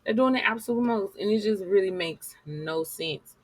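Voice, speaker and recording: A woman's voice: medium pitch, moderate pace, no echo. A woman giving blunt, sassy commentary while reading news articles aloud to her viewers.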